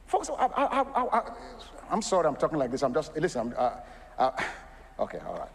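A man's voice: a little high, huge pitch swings, a little fast, gravelly, big-room sound. A man preaching a sermon. He asks the congregation rhetorical questions and breaks into laughing asides.

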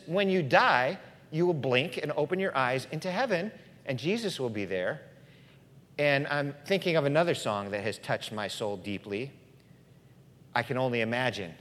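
A man preaching a sermon in a church, dramatic, swinging between loud passages and hushed ones. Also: a little high, animated, unhurried, pauses often. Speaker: pastor. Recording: long hall reverb.

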